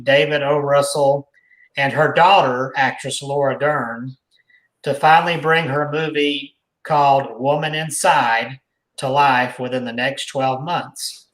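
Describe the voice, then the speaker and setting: A man's voice: on the high side, a bit bright. A man hosting a podcast, reading a news article aloud in a conversational way with his own asides. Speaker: podcast host. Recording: echoey room.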